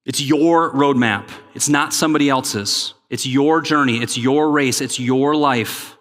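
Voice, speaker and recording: A man giving a conference keynote, energetic and joking, calling on the crowd to respond. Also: medium pitch, unhurried, soft background music. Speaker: keynote speaker. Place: large conference hall. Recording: long hall reverb.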